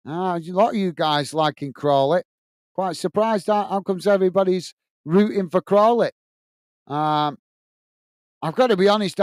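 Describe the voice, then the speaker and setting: A man hosts a live football watch-along, chatting loosely with viewers, reading their comments aloud, calling the play, and often saying "mate." His voice sits high, and the recording is dry.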